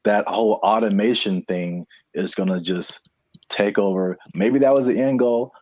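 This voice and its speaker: A man's voice: on the low side, moderate pace, darkish tone, no echo. A man co-hosting a casual podcast, laid-back and often chiming in. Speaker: podcast co-host.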